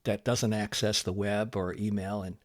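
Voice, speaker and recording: A man in his fifties with a low voice hosts an interview, recorded dry and close. He asks his questions in a measured way, pausing on fillers. His delivery stays calm and unhurried. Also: no echo. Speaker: podcast host. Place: home.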